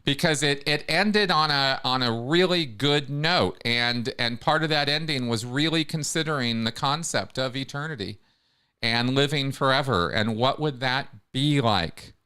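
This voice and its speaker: Heller, klarer Gastgeber, weitschweifig. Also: male voice, medium pitch, measured pace, pushed and bright, clean tone. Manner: rambling, many restarts. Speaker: host. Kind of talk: casual livestream chat.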